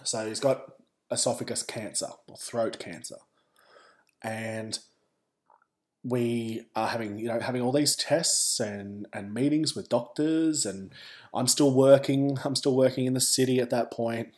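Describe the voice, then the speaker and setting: A man's voice: medium pitch, measured pace, a little mellow. A man with an Australian accent, a podcast host telling a personal story in a candid, wry way with wandering asides.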